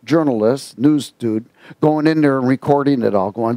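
A man preaching a sermon, telling stories with lively quoted voices and reading scripture aloud. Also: medium pitch, normal speed, no room sound. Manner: animated storytelling with quoted voices. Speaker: pastor.

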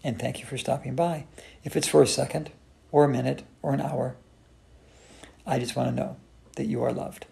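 A man teaching a playful yoga routine in a whimsical, gently encouraging way. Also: mid-range voice, fairly even intonation, normal speed, vocal fry, pauses often. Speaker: yoga instructor. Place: hotel room. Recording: roomy echo.

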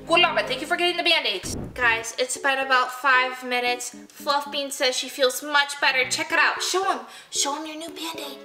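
A woman with a high, sharp, bright voice chats playfully to her plush toys for a vlog. She is excitable and coaxing, with frequent gasps. The room sounds roomy and echoey. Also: normal speed, few pauses, faint music behind. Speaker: toy vlogger.

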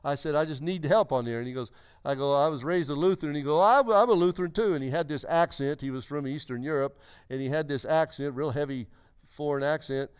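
A man's voice: a little high, steady tone, fairly quick, a little mellow, smooth. A man in his sixties preaching a testimony in church, telling his story earnestly and emphatically, often restarting his sentences. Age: 60s. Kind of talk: sermon testimony.

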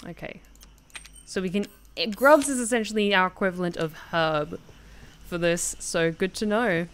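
A woman's voice: fairly low pitch, moderate pace, slight background noise. A woman streamer giving casual, swear-filled gaming commentary from her desk. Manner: chatty, swears freely, reacts aloud. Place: home desk with keyboard.

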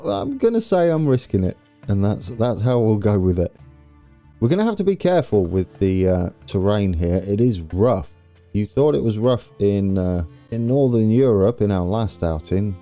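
A man with a low, mellow voice commentating his strategy game play to viewers. He thinks aloud in a chatty, self-deprecating way. Faint game music plays underneath. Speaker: let's play host. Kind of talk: gameplay commentary.

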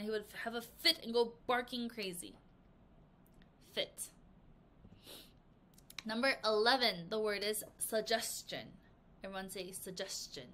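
Woman English teacher, bright and animated, drilling vocab with kids. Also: on the high side. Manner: animated, acts out example sentences. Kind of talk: vocabulary lesson for children. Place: language academy in Korea.

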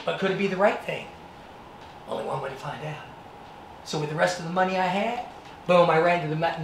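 A man giving a motivational talk to students, telling his story in a dramatic, animated way. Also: high voice, background noise. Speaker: actor and martial artist giving a presentation. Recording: echoey room, distant mic.

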